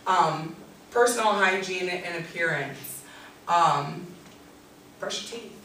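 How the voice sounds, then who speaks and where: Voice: mid-range voice, animated, slow pace, sharp tone. Workshop presenter, direct and practical, mid-range voice; roomy, distant classroom recording. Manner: practical, direct, many ums. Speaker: tutor and SI leader presenting. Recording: echoey room, distant mic, faint noise.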